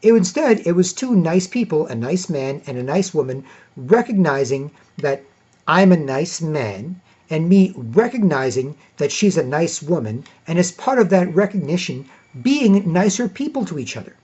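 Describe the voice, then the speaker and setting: A man's voice: on the high side, expressive, moderate pace, a little mellow, husky. A man talking in a casual monologue as a podcast host, rambling and padding his points with "you know" and "right". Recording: dull lo-fi recording.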